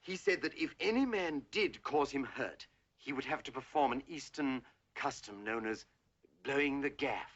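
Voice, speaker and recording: A man's voice: medium pitch, animated, normal speed, a bit bright. An actor playing a timid, fussy male assistant headmaster in a 1960 British film comedy, speaking in a deferential manner. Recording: dull old film soundtrack.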